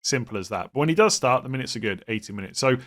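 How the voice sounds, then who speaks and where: Male host, young, mid-pitched, lively and opinionated, casual monologue with restarts. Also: rapid-fire. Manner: animated, opinionated, with frequent restarts. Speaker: fantasy football channel host.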